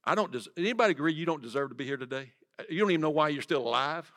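A man preaching a sermon in church, swinging from loud to hushed and asking the congregation direct questions. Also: fairly high pitch, expressive, very fast. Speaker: pastor. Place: church sanctuary.

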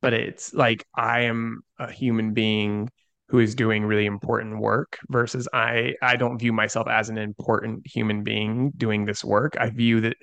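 A man's voice: on the low side, flat delivery, a little slow, vocal fry, fairly bright tone, clear, resonant tone, dry recording. A young adult man, an interview guest, telling a story earnestly with lots of "like" fillers. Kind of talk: conversational storytelling.

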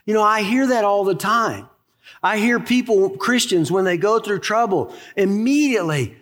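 High-pitched guy preaching, slows down for the big words, hurries the jokes, church echo. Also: lively intonation, fairly bright tone. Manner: emphatic, storytelling preacher, shifts between slow stress and quick asides. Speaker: pastor. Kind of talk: sermon.

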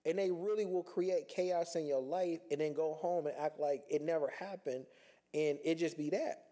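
A man's voice: on the high side, moderate pace, dark tone. A man talking earnestly in a reflective personal monologue, conversational and repeating himself as he works through his thoughts.

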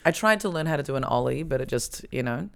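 A man's voice: mid-range voice, animated, quick pace, gravelly, fairly bright tone, smooth. A man hosting a casual chat, asking teasing, playful questions.

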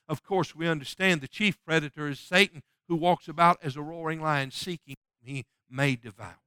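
Male preacher, sermon, high and very bright voice, smooth and clear, dry close sound. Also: moderate pace, hardly any pauses, no echo. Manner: swings from loud preaching to soft intimate appeals; quotes scripture in old-fashioned wording. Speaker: pastor.

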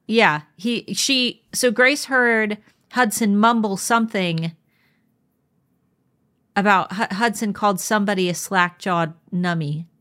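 A woman's voice: medium pitch, slow pace, fairly bright tone. Woman, thirties, podcast co-host, rambling, lots of "like". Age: 30s. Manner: rambling, many fillers and restarts. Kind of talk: casual chat.

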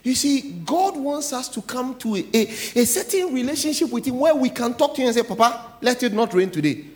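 A middle-aged man, a pastor with a Ghanaian English accent, preaching a sermon, swinging from quiet asides to loud declarations. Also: extremely high pitch, expressive, fairly quick.

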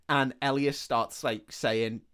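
A podcast host, male, casually recaps a film's plot and acts out the characters' lines in a medium-pitched, slightly bright voice.

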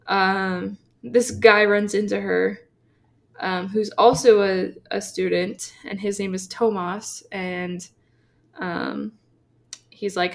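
A woman co-hosting a podcast, casually retelling a comic book story with lots of fillers and quick acted-out quotes. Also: mid-range voice, gravelly. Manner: chatty, filler-heavy, acts out quotes. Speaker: podcast co-host.

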